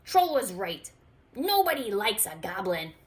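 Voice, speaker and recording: A woman voicing a small, lonely male goblin in a storybook read aloud, with an eager, high manner. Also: sing-song, measured pace. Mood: earnest.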